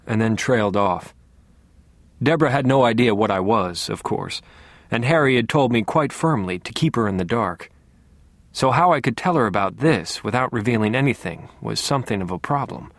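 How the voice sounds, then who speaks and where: A man narrating a first-person novel in a measured, wryly dry manner. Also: on the low side, lively intonation, dry recording. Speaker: audiobook narrator.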